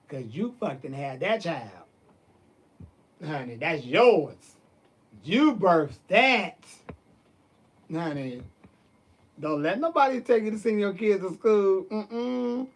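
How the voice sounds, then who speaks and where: A man's voice: on the high side, slightly rough. A man ranting in a casual monologue, sassy and emphatic, with plenty of swearing and terms of address like "baby" and "honey". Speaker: vlogger.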